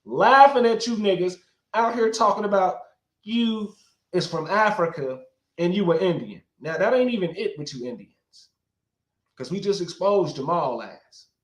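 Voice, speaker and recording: A man rants through a livestream with a heated, profane delivery, talking straight to his viewers. His voice sits a little high for a man. The recording is echoey, with a roomy sound. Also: expressive, measured pace. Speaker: livestream commentator. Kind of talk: rambling livestream commentary.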